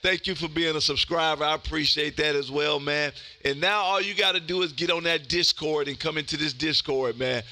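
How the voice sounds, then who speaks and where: Loud folksy man on the radio. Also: a little high, fairly even intonation, brisk, hardly any pauses. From Texas. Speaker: ham radio operator and streamer. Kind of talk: ham radio contact chat.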